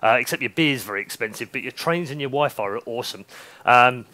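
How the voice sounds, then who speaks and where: A man's voice: mid-range voice, lively intonation, brisk, sharp tone, dry recording. A man casting a live video game match, mixing play-by-play with joking, teasing banter. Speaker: esports caster.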